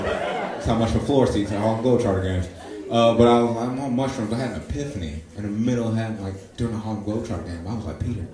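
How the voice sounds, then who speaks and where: A man in his twenties doing a stand-up comedy set, telling stories with loud acted-out quotes. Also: on the low side, recorded from a distance. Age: 20s. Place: comedy club stage. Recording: echoey live room, audience laughter. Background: audience laughing.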